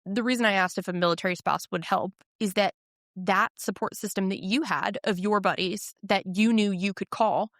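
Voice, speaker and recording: A woman hosting an interview in a casual, animated way, acting out quotes with her voice. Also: moderate pace, dry recording, clean studio sound. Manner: animated, acts out quoted voices with pitch jumps. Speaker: podcast host.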